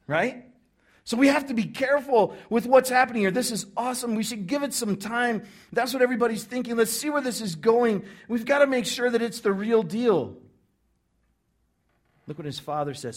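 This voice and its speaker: A man preaching a sermon, telling a story with lively acted-out crowd reactions. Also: extremely high pitch, moderate pace. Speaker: pastor.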